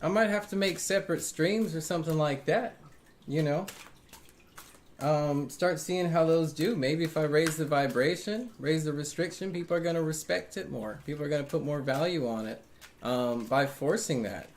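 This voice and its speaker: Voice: medium pitch, moderate pace, a little hiss or hum. A tarot reader hosting a live stream, talking casually and earnestly to viewers, defensive and emphatic, repeating phrases and tagging lines with "right?" and "man". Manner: frequent fillers like "right?" and "man".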